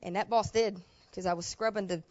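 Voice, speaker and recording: A woman pastor telling a personal story in a sermon, talking in a plain, colloquial way that drops to quiet asides and rises to loud emotional bursts. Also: mid-range voice, steady tone, brisk, highs cut off. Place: church sanctuary.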